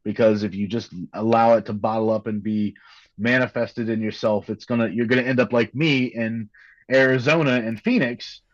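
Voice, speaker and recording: A man's voice: mid-range voice, fairly even intonation, no room sound. Earnest man, dull dry audio. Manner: earnest, halting, repeats words. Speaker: podcast guest. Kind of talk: candid conversation.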